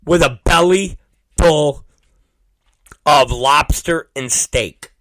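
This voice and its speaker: A man in his forties hosting a talk show, telling a crude story with repeated words and sudden shouted exclamations. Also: on the high side, extremely slow, no room sound. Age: 40s. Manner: vulgar, repetitive, bursts into shouted exclamations. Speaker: podcast host. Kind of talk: crude comedic monologue.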